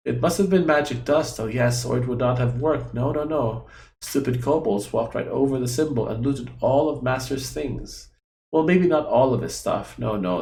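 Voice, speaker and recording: A man's voice: mid-range voice, vocal fry, a little mellow, roomy sound, close to an everyday voice. A man voicing a fretful, childlike female guardian who talks about herself in the third person, with broken grammar.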